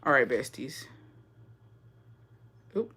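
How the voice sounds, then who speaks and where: Bright-voiced young woman ranting casually. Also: very deep voice, very animated, takes it slowly, slightly rough. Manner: slangy, profane, chatty rant reading viewer comments. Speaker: livestream host. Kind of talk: casual storytelling livestream.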